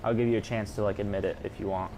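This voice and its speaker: A man's voice: lowish voice, level tone, racing, noisy background. A man acting as a store clerk in a prank, chatting and asking probing questions. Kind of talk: staged prank conversation. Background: background music.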